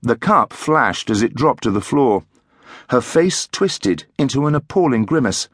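Expressive male audiobook narrator. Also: medium pitch, a little slow, husky, no echo, clean studio sound. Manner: expressive, dramatic storytelling.

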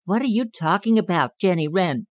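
An indignant young cottontail rabbit, voiced by a male narrator, pitched up and proud, protesting quickly in a storybook. The recording is dry and slightly dull. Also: no echo, close to an everyday voice. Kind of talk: audiobook character reading.

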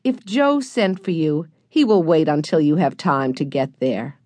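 Storybook: a woman doing a gentle old grandfather, low and unhurried. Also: very animated, dry recording, full character voice. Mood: kindly. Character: kindly elderly grandfather, gentle.

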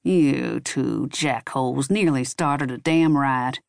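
A woman voicing a crude, gruff male werewolf sheriff who growls and drawls his lines slowly. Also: medium pitch, no echo, clean studio sound, pitched below the performer's own voice.

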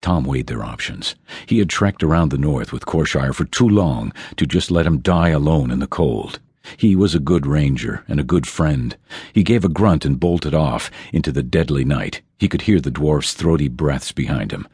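A man's voice: rumbling low, expressive, moderate pace, a little mellow, husky, no room sound. A man narrating a fantasy audiobook in a dramatic storytelling manner, recorded on a close studio mic.

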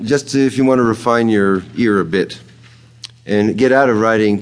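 A man's voice: lowish voice, lively intonation, measured pace, pauses often. A man giving an informal lecture on poetry, thoughtful and digressive, sprinkling in uh fillers and tapping out rhythms with ta-ta syllables. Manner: frequent uh fillers, chuckles at own remarks. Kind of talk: informal spoken lecture on poetics.

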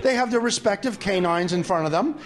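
A man's voice: high-pitched, animated, fairly quick, crowd noise. A man telling adult jokes in stand-up style, chuckling at his own punchlines and voicing the characters in passing.

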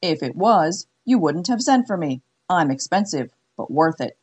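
A woman's voice: sits low, big pitch swings, normal speed, darkish tone, breathy edge, exaggerated voice. A woman doing a cocky cowboy gunslinger. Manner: cocky, drawling. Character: cocky cowboy hired gun, confident man.

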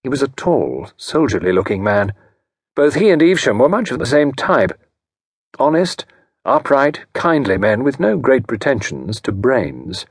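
Husky, expressive male audiobook narrator. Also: medium pitch, dry recording, clean studio sound. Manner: measured, expressive storytelling. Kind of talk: scripted narration.

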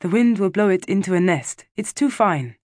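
A woman narrator plays a practical household maid who speaks plainly and to the point. The voice is raised above her own and a bit forceful. Dry, close sound. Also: medium pitch, animated, moderate pace, dry recording, pitched above the performer's own voice, close to an everyday voice. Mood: matter-of-fact. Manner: plain and matter-of-fact.

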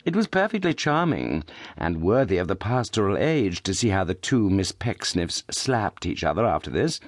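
A man narrates a classic novel in a measured, expressive reading. His voice sits on the low side and moves lively through each sentence. The recording is dry and close. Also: no echo. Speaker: audiobook narrator.

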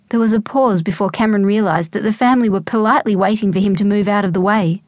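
A woman with an Australian accent reading a children's audiobook in a lively storytelling manner. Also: medium pitch, a little fast, dry recording, clean studio sound. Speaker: audiobook narrator. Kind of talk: scripted narration.

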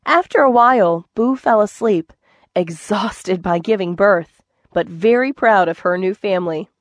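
A woman narrating a children's book in a gentle, clear storytelling manner. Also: mid-range voice, a little slow, no echo. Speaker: audiobook narrator.

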